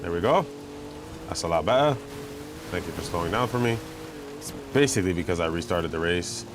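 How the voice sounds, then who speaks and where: A man giving chatty, self-mocking commentary while playing a racing game, getting excited when he pulls ahead. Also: deep voice, fairly quick. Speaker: gamer commentating his play. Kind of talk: casual gameplay commentary. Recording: game engine noise behind voice. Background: racing game car sounds.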